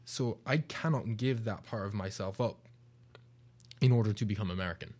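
A man's voice: on the low side, moderate pace, a little mellow. A young British man with a British accent, co-hosting a casual radio discussion, earnest and reflective. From Britain. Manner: reflective, earnest, speeds up when making a point. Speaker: radio show co-host.

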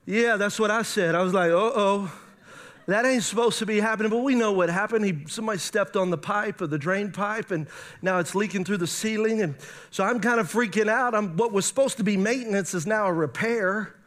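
A pastor delivers a lively sermon in a high, ringing voice. He keeps turning to his congregation with questions and talks with animated energy. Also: brisk. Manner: animated preaching, asks the audience questions.

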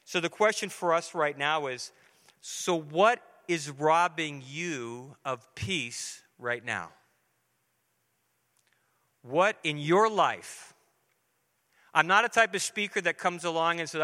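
Slow and punctuated by long pauses, a middle-aged man's slightly high, pushed, bright voice carries through a church sanctuary with long reverberation. He preaches to the congregation in an earnest, conversational way, voicing dialogue as he goes.

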